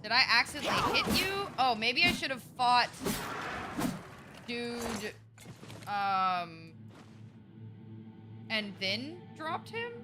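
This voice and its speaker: A woman's voice: a little high, big pitch swings, slow, pauses often, over music. A woman streaming a game, chatting casually with viewers, swearing freely and teasing them. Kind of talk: casual livestream chat while gaming.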